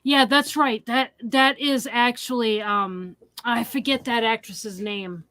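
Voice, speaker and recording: A woman's voice: fairly high pitch, sharp tone. A woman co-hosting a horror review podcast, reading out listener questions in a casual way. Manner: unhurried, reads listener questions. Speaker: podcast co-host.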